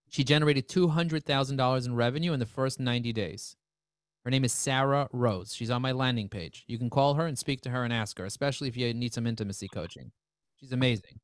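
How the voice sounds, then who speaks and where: A man presenting a live webinar, talking in energetic, joking sales patter. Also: medium pitch, smooth, no echo, studio quality.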